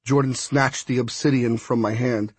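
A man narrating a first-person story as an audiobook, voicing each character with small shifts in pitch. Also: steady tone, moderate pace, husky, no echo.

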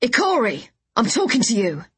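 A woman's voice: fairly high pitch, big pitch swings, normal speed, husky, pitched above the performer's own voice, full character voice. A woman voicing a hostile male colonist guard who barks brusque orders in a storybook reading. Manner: shouting, brusque.

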